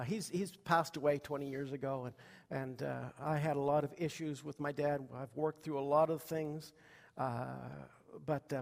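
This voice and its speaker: A man's voice: on the high side, in a large hall. A man preaching a sermon to a congregation, telling childhood stories in a folksy way with many fillers and questions to the room. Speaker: pastor.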